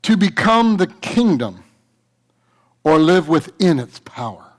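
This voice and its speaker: A man's voice: a little high, sing-song, takes it slowly. A man preaching a sermon to his church, fervent and repetitive, breaking into a story. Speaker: pastor.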